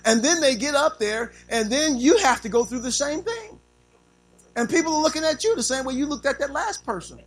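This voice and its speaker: A pastor with a notably high-pitched voice delivers an animated, theatrical sermon, firing rhetorical questions at the congregation and slipping into small acted-out scenes. He talks a little fast, and the audio quality is poor.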